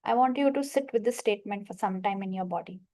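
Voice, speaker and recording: A woman coach leading a guided money affirmation exercise, slowly repeating statements and giving prompts to her listeners. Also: medium pitch, mellow. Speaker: manifestation coach leading a workshop.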